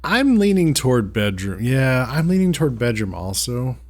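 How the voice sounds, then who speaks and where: Speaking in a mid-range, very animated voice, this man livestreams a puzzle game while chatting casually. He muses slowly as he reads out jokes his viewers have posted.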